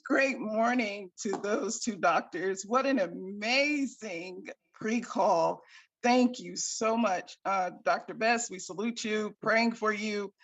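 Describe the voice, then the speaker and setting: A woman's voice: mid-range voice, slow, muffled recording. A woman caller giving a grateful, effusive testimonial on a group call.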